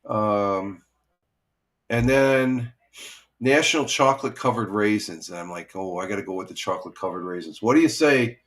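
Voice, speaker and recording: A man's voice: lowish voice, moderate pace, fairly bright tone. A middle-aged man hosting a casual morning chat stream, rambling with many restarts and greeting viewers by name. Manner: rambling, restarts a lot, chuckles. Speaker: live stream host.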